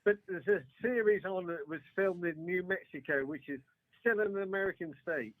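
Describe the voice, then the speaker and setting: A man from England talks casually as a podcast guest, stopping and restarting his sentences often. His voice sits high for a man. The sound is dry and close. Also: normal speed, no echo, poor audio. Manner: hesitant, many restarts and fillers.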